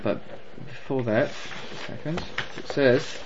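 A man teaching a class on the weekly Torah portion, animated and full of rhetorical questions. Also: medium pitch, slow pace, lo-fi sound, background noise. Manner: animated, rhetorical questions, mixes Hebrew terms.

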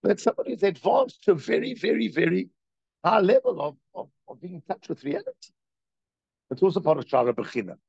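Guy teaching a religious class, kinda high voice, gravelly, keeps asking the room questions, dry sound. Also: sing-song, fairly quick, darkish tone, no echo. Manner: talks straight to listeners with frequent questions. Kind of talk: conversational lecture with storytelling. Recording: dry, dull lo-fi recording.

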